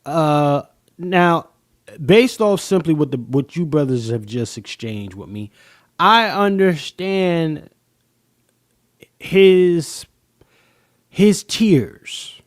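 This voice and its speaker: A man hosting a live-stream podcast, talking emphatically and slowly to his audience. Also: a little high, big pitch swings, dry recording, clean studio sound. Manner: emphatic, drawn-out, addresses the chat as y'all. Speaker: podcast host.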